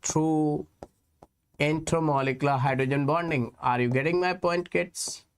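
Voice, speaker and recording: A man with an Indian English accent teaching a chemistry lecture, explaining slowly and repeating key points while calling his students kids. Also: a little high, steady tone, clear, resonant tone. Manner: slow, repetitive explaining, addressing students as kids. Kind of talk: exam-prep lecture.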